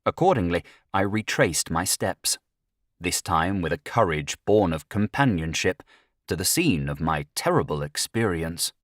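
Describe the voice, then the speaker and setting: A man's voice: low-pitched, expressive, measured pace, no echo, clean studio sound. A man reading a horror story aloud as first-person audiobook narration, with dramatic rises at tense moments.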